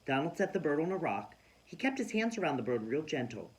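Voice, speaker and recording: A man reading a children's storybook aloud in a lively, expressive way. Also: a little high, a little fast, rough recording. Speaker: children's book reader.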